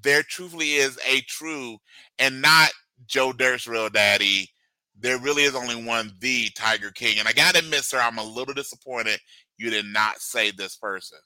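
Podcast co-host, male, bright tense voice, dry close mic, playful and upbeat. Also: medium pitch, no room sound, poor audio. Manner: playful, enthusiastic, quick to laugh. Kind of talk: casual chat.

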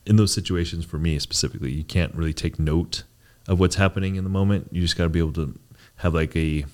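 A man's voice: low voice, steady tone, fast talker, darkish tone. A young man co-hosting a podcast, talking in a rambling, reflective way and often tagging his points with "right?". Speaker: podcast co-host. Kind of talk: casual chat.

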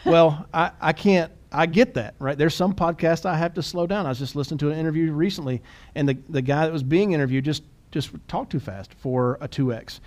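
A man co-hosting a podcast in casual chat, quick and animated, often restarting and repeating words. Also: fairly high pitch. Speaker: podcast co-host.

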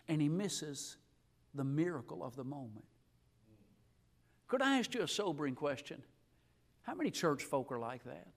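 A middle-aged man preaching a lively, emphatic live sermon in church, telling stories and calling for amens. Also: fairly high pitch. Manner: storytelling, emphatic, call-and-response. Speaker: guest preacher. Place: church sanctuary.

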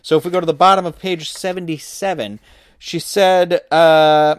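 A man's voice: fairly high pitch, fairly even intonation, moderate pace, clear, resonant tone, no room sound. A man hosting a podcast, recapping and reading a book aloud with wry, dry asides. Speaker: podcast host.

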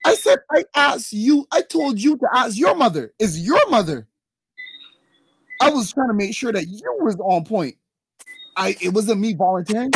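A young man, co-hosting a podcast and telling stories in casual chat. His voice shoots up high when he acts out what people said. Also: moderate pace, slightly rough, dry recording, poor audio. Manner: animated storyteller, voice jumps high when acting out quotes. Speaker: podcast co-host.

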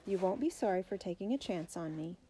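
A polite, determined teenage boy speaks with earnest resolve, voiced by a woman reading aloud. His tone is soft and mellow. He belongs to a read-aloud storybook. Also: fairly low pitch, animated, fairly quick, slight background noise, close to an everyday voice.

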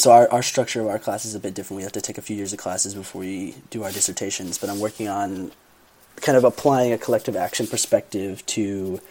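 Young man, podcast co-host, relaxed dark tone, earnest scholarly chatter. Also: on the low side. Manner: earnest, academic explaining with hesitations. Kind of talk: casual podcast chat.

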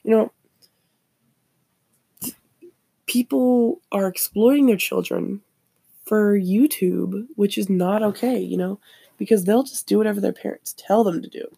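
A woman's voice: medium pitch, moderate pace, vocal fry, dark tone, husky, no room sound. A woman hosting a podcast alone, talking casually and rambling, often repeating and restarting her phrases. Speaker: podcast host. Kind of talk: casual solo commentary.

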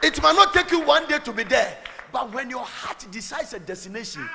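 A man preaching a fervent sermon, swinging between shouts and low asides. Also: very animated, brisk, gravelly, some chatter behind. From Ghana. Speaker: pastor. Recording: long hall reverb, faint background noise.

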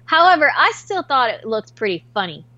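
A woman's voice: sits high, sing-song, fairly quick, bright, forceful tone, no room sound, lo-fi sound. A woman in her thirties co-hosting a podcast, chatting casually and rambling a little, with the odd swear word. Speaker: podcast co-host. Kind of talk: casual chat.

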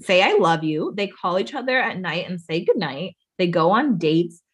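A woman's voice: fairly low pitch, expressive, moderate pace, a bit bright, husky. A young woman co-hosting a podcast, giving blunt, crude opinions in casual chat. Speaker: podcast co-host.

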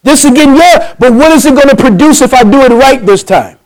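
Man preaching, high voice, from New Jersey, punchy then hushed, calls for amens. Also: animated, a little fast, poor audio. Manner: swings from loud punchy bursts to hushed intimate pleading; calls for amens, acts out dialogue. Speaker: pastor. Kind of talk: sermon.

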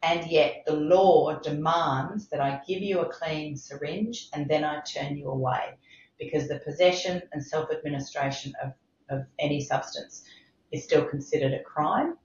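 Deep and darkish, this woman's voice moves at a normal speed as she, a middle-aged medical director, makes her case on a podcast. She speaks with emphatic passion and repeats herself to drive points home. The sound is roomy and slightly dull.

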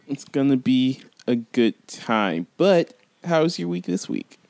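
A man's voice: medium pitch, big pitch swings, takes it slowly, vocal fry, a little mellow. A man co-hosting a podcast, talking in an upbeat, chatty way and laughing often. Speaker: podcast co-host. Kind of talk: casual podcast chat.

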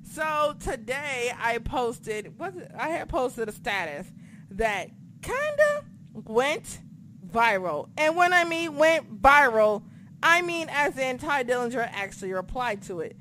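Young woman, swears a lot, animated chat, slightly high voice, faint hiss behind. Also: slow. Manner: profane, animated storytelling. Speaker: podcast co-host. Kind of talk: casual chat.

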